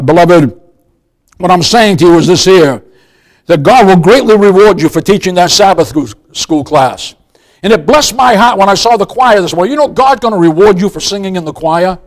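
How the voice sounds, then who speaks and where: A man's voice: high-pitched, low-quality recording. An older man preaching a sermon as pastor, emphatic, often calling his listeners "beloved" and asking them questions. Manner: emphatic, repeats "beloved", asks the congregation questions.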